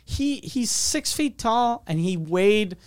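Smooth-voiced man rambling through a profane story. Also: sits high, lively intonation, takes it slowly. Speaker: comedian telling a story. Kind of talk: casual chat.

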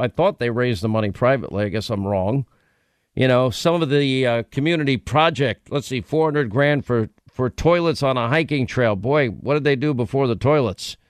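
A man's voice: medium pitch, clean tone, no echo, clean studio sound. A man hosting a talk radio show, ranting in a sarcastic, combative way.

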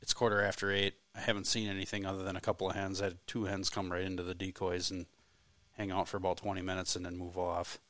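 A man's voice: deep voice, completely flat delivery, quick pace, a bit bright, dry recording. A man from the telling a hunting story in a laid-back, self-deprecating way on a podcast. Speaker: co-host, hunter. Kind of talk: casual storytelling chat.

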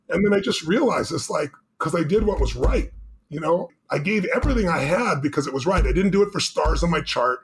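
A man telling a story as a podcast guest, animated and emphatic, acting out the quotes. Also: high voice, fast.

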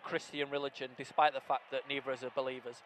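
A man's voice: mid-range voice, flat delivery, quick pace, a bit bright, a little hiss or hum. A man cracking jokes as co-host of a football podcast recorded at a stadium. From Bradford, England. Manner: jokey, banter-filled. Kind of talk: casual football podcast chat. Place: outdoor football stadium press area.

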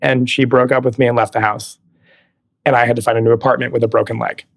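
Male guest, 30s, from California; expressive anecdote teller who laughs a lot and acts out dialogue. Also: mid-range voice, fast talker, gravelly. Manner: animated storyteller, laughs often, acts out quoted dialogue. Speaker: guest, Broadway actor. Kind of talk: casual interview chat.

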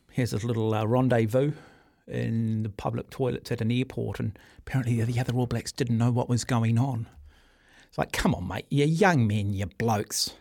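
A man's voice: medium pitch, creaky, darkish tone, no room sound, studio quality. A middle-aged man with a New Zealand accent hosting a sports talkback radio show. He speaks in a forthright, opinionated way. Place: radio studio. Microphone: studio microphone.

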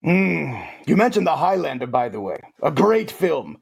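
In a full character voice, a man plays a bragging alien titan villain as a fantasy football guest on a sports talk show, a comic bit full of pompous theatrics and playful boasts about himself in the third person. The tone is mock-grand. His pitch runs high with big swings, slightly rough and creaky, at normal speed.

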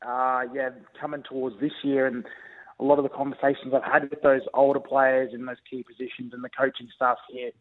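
A young Australian man, a rugby league player, chatting easygoingly in a phone interview, halting with many ums and restarts. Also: medium pitch, little pitch movement. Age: young adult. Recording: tinny phone line.

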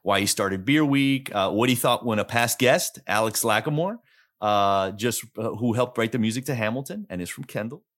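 A man's voice: medium pitch, expressive, moderate pace, fairly bright tone. Chatty middle-aged man hosting a podcast. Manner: chatty, loose, peppered with "like" and "bro". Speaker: podcast host. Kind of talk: casual chat.

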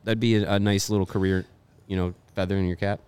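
A man co-hosting a podcast, talking sports in a relaxed, rambling way with many restarts. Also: deep voice, fast talker, clean tone. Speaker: podcast co-host. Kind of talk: casual sports talk.

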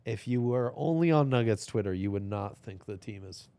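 A man's voice: fairly low pitch, lively intonation, normal speed, dark tone, dry recording. A young man co-hosting a sports podcast, talking casually in a laid-back, rambling way. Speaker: podcast co-host.

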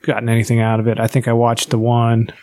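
A man's voice: mid-range voice, completely flat delivery, quick pace, mellow, clean tone, no room sound. A man with an American accent in casual podcast chat, hesitant with many restarts. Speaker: podcast co-host.

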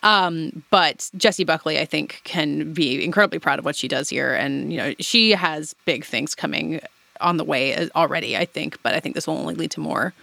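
A woman in a casual film discussion, talking fast and keen, with firm opinions. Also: deep voice, gravelly, pushed and bright, no room sound. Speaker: podcast panelist.

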